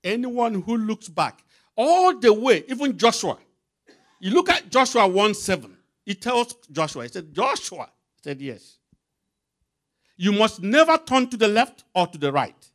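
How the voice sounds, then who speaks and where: A man's voice: high voice, big pitch swings, measured pace, fairly bright tone. A man preaching a sermon with emphatic, rising and falling delivery, calling out scripture references for a reader to read aloud.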